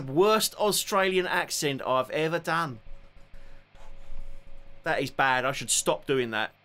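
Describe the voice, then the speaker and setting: A man in his forties with a London accent talks through a laid-back live guitar session. His voice is bright and sits a little high, and his manner is joking and self-deprecating. He chats informally with his viewers. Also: slow, long pauses, smooth. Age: 40s. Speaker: guitarist streamer. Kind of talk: casual live-stream chat.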